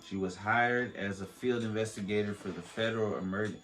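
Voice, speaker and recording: Low-voiced man reading over faint beats. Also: fairly even intonation, a little fast, a bit bright, faint music behind, rough recording. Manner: reads aloud with stumbles, restarts and joking asides. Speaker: podcast host. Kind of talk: casual reading with asides. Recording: faint beat playing under the voice.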